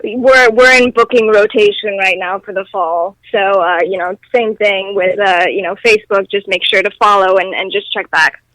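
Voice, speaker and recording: A woman's voice: mid-range voice, steady tone, normal speed, few pauses, fairly bright tone, no echo. A young woman, a singer, talking casually over a phone line as an interview guest, upbeat and articulate. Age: young adult.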